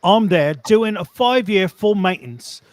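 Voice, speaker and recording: A man's voice: high-pitched, lively intonation, a little slow. A man reading a post aloud as a working-class heating tradesman, putting on a Cockney accent and dropping words like "me van". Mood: storytelling. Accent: put-on Cockney. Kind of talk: dramatic reading of a forum post.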